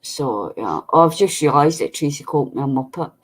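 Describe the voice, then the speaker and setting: A woman's voice: low voice, expressive, brisk, slightly rough, poor audio. A Scottish woman hosting a craft stream, chatting in a rambling, self-deprecating way. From Scotland. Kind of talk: casual chat while crafting. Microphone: video call setup.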